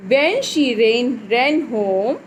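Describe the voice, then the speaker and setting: Slow high-voiced woman teaching phonics. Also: animated, a little hiss or hum, poor audio. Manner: slow, clear, repeats words for a child. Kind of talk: phonics lesson for young children.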